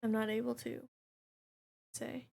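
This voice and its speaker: Slow, gravelly young woman streamer. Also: fairly high pitch. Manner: relaxed, chatty, reads chat aloud. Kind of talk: casual live-stream chat while gaming.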